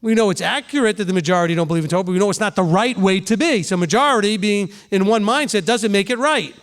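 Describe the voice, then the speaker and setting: A middle-aged man, a rabbi, teaching a congregation in a relaxed sermon, often turning to ask the room questions and acting out quick examples. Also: high voice. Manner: conversational preaching, asks the room questions, voices quick examples.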